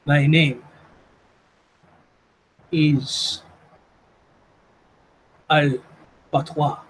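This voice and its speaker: A man voicing a grandiose, pompous male vampire zealot in a tabletop game, speaking formally and slowly. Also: on the high side, little pitch movement, slightly rough, exaggerated voice, poor audio.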